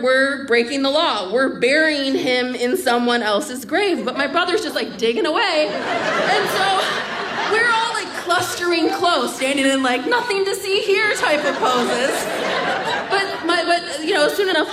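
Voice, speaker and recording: Animated young woman telling a live story. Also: high-pitched, a little slow, over a noisy crowd, heavy background noise. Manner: animated, comic, often laughing as she tells. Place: stage at a live storytelling event. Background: audience laughter.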